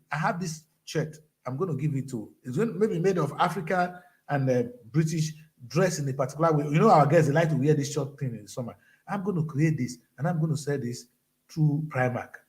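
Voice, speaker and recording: A high-pitched, middle-aged man with a Nigerian accent delivers a fiery, preachy speech. He scolds his listeners, dropping to a low grumble and then rising to a shout. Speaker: event speaker.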